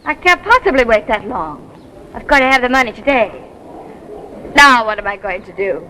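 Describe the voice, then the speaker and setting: Young grifter woman, 1930s comedy, quick exasperated back-talk, lively voice, clear soundtrack hiss. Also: a little high, low-quality recording. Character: young woman grifter, daughter of a con man. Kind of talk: 1930s film comedy acting. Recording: hissy 1930s film soundtrack.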